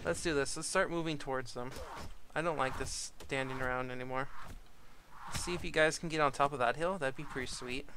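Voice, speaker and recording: A man giving casual gameplay commentary, chatting, laughing often and yelling orders at his troops. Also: medium pitch, slight background noise. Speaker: gaming YouTuber.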